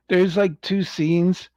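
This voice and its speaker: A man's voice: high-pitched, dark tone, no echo. A man hosting a casual livestream review. He rambles, chuckles often and acts out quotes. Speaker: show host reviewing an animated series. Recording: dull lo-fi, dry sound.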